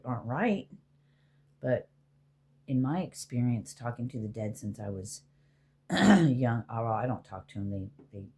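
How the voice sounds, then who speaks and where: Woman, very low voice, husky, mellow tone, rambling spiritual monologue with swearing. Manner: rambling, profane, talks to spirits aloud. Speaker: spiritual healer.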